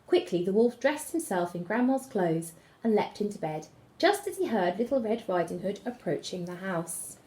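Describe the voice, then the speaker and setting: A woman teacher reading a fairy tale aloud to children, with expressive storytelling. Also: mid-range voice, moderate pace. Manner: expressive storytelling, gasps and whispers.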